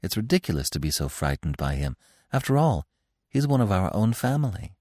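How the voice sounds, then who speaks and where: A man reading an audiobook, voicing a young male deer who speaks earnestly and gently. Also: on the low side, sing-song, a little fast, no echo, clean studio sound.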